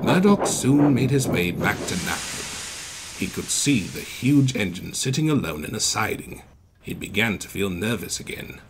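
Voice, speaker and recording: Animated male storybook narrator. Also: lowish voice, unhurried, background noise. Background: music.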